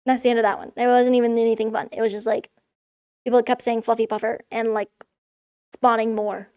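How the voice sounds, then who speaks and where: Her voice sits on the high side, a little mellow and smooth, with little pitch movement and a fairly quick pace. Speaking in a school room, this irreverent young vlogger rants sarcastically through casual recap commentary, swearing freely.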